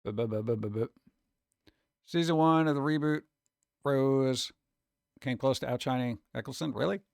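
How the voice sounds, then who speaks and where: A man's voice: mid-range voice, steady tone, normal speed, vocal fry, smooth, dry recording, clean studio sound. A man chatting casually with viewers on a live stream, rambling, humming and scatting to himself, his throat a little sore.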